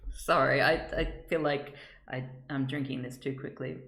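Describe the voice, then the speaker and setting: A woman chatting casually on a live stream as she works, halting and laughing often as she greets viewers. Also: extremely low pitch, steady tone, a bit bright, roomy sound. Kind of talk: casual live-stream chat while working.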